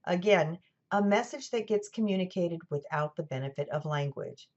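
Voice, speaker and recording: Woman lecturer with a General American accent, a touch low, measured delivery, dull recording. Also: lively intonation, darkish tone. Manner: clear, measured explaining with dry asides. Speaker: college lecturer. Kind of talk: scripted lecture narration.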